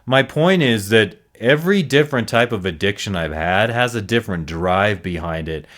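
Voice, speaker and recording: Male podcast host, low voice, earnest and reflective, freewheeling with restarts. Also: expressive, normal speed, a bit bright. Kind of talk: solo reflective monologue.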